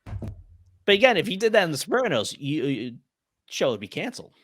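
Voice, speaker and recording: A man from Ireland talking in an animated, casual way on a podcast, full of fillers and quick impressions. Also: a little high, no room sound, clean studio sound. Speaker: podcast panelist. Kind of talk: casual chat.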